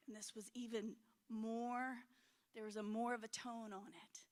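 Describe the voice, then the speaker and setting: A middle-aged woman preaching a frank, emotional sermon in a church, swinging between loud and hushed. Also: a little high, little pitch movement, a little slow. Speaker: conference speaker.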